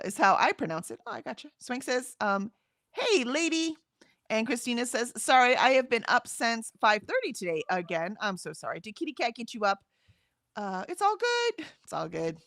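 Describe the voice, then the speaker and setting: A woman's voice: on the high side, sing-song, normal speed, fairly bright tone, dry recording, clean studio sound. A woman co-hosting a casual livestream, reading chat comments aloud and chatting, often laughing and trailing off mid-sentence.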